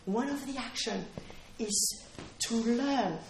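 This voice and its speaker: A woman delivers a sermon with earnest emphasis, circling back to repeat her key points. Her voice sits fairly high. The sound carries the roomy echo of a hall, with faint noise underneath. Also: slow pace, creaky. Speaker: preacher.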